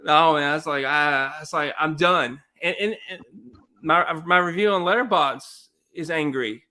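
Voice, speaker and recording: A man co-hosting a podcast, ranting in an animated, emphatic way. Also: on the high side, moderate pace. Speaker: podcast co-host. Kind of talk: casual chat.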